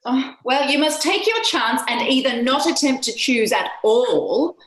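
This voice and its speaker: A young noble lady speaks in a high, measured voice and gives her warnings firmly. The sound comes over a video call with a roomy echo. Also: animated. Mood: cautioning. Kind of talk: Shakespeare stage acting over video call.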